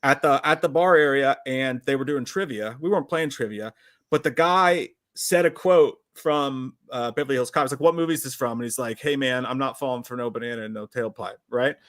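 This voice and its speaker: A man's voice: mid-range voice, a little fast, fairly bright tone. A man co-hosting a casual livestream chat from home, cracking crude jokes and reading out viewer comments. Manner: crude joking, reads chat comments aloud. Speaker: livestream co-host.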